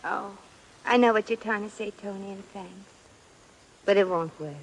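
A woman's voice: mid-range voice, moderate pace, slight background noise, natural voice, low-quality recording. An actress playing a slangy, wry American shop girl in a 1940s radio drama. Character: wisecracking American shop girl posing as a lady.

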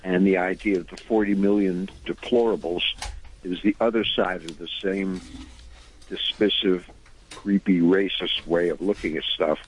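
A man's voice: low voice, fairly even intonation, moderate pace, low-quality recording. An older man, a musician and radio guest, telling long earnest anecdotes in a rambling conversational way that drifts into preaching. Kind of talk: conversational storytelling.

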